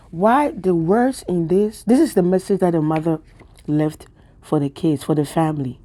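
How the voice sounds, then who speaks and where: A woman's voice: lowish voice, moderate pace, dark tone. Impassioned tearful woman vlogger. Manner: impassioned, repetitive, preacher-like. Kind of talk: emotional spiritual monologue.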